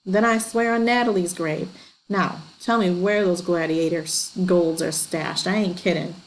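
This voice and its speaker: A coarse, greedy teenage bully with a gruff, taunting drawl, as a woman reader puts him on. He sits a little low in tone, and a faint hiss lies under the storybook reading. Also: fairly even intonation, normal speed, lightly acted, poor audio. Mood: demanding.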